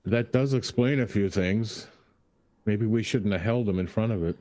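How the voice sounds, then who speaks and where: A man with a low, mellow voice plays his character in a tabletop game. He talks in an earnest, measured way. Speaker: player.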